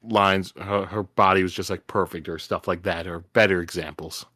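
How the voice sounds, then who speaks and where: A man's voice: low voice, steady tone, moderate pace, pushed and bright, no echo, studio quality. A man hosting a casual book-discussion podcast, easygoing and steering the conversation along. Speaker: podcast host.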